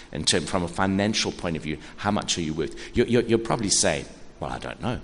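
An older man in his sixties delivers a sermon in a conversational, animated way, stumbling over repeated words as he thinks aloud. His low voice swings widely in pitch. The sound carries a long reverb from a large hall, with faint ambient noise underneath. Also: a little fast, vocal fry. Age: 60s. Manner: conversational, animated preaching with frequent restarts. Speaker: pastor.

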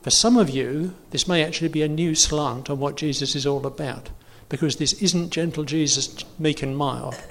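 A man's voice: a little high, normal speed, hardly any pauses, fairly bright tone, slight background noise. A man preaching in an informal teaching talk, chatty and self-correcting with many fillers. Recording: long hall reverb.

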